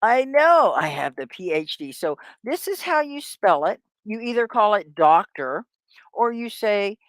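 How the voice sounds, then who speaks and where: A woman teaching an English lesson on a live stream, drilling words slowly and cheering on her students. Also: medium pitch, big pitch swings, dry recording, studio quality. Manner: slow, drawn-out word drills; upbeat, encouraging. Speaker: ESL teacher.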